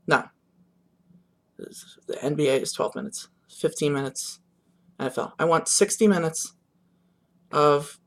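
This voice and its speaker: A man's voice: on the high side, measured pace, pauses often, fairly bright tone. A young man vlogging his reaction to the games in a rambling, subdued, disappointed way, with many fillers and restarts. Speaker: sports vlogger. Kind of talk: casual reaction monologue.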